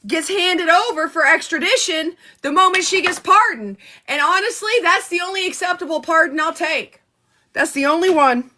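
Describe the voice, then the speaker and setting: A woman's voice: very high voice, sharp tone. A woman vlogger delivering a heated, profane live rant on politics. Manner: heated, profane, fast-talking.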